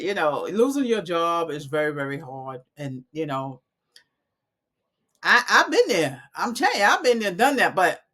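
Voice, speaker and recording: A woman's voice: fairly low pitch, fairly bright tone. A woman, talking casually and animatedly to her viewers on a live stream from home, calling them y'all. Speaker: coding academy owner.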